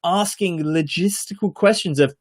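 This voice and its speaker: A man's voice: sits high, normal speed. A man co-hosting a podcast, reviewing a TV series in casual chat, earnest and emphatic, with frequent fillers and restarts.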